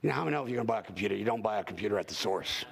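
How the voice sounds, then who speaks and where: A man preaching a storytelling sermon at a church conference session, folksy and animated, sometimes rising into shouts at the congregation. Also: fairly low pitch, very fast, creaky.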